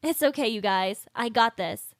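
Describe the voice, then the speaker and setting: A man voicing a calm, menacing young woman who teases in a cool, controlled way. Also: very high voice, normal speed, dry recording, pitched above the performer's own voice. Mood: calm friendly.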